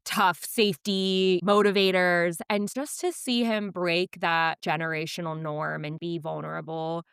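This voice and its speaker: Candid, smooth-voiced mom telling stories. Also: female voice, fairly low pitch, fairly even intonation, unhurried, a bit bright, no echo, studio quality. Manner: candid, emotional storytelling with quoted voices. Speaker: podcast co-host. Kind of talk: casual chat.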